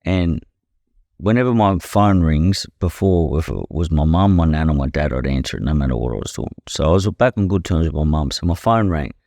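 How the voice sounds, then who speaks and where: A rumbling low, darkish voice with vocal fry belongs to a young Australian pro boxer speaking as a podcast guest. He talks fairly quickly with lively intonation, telling candid stories bluntly, swearing freely and saying "you know" again and again. Clean studio sound, no echo.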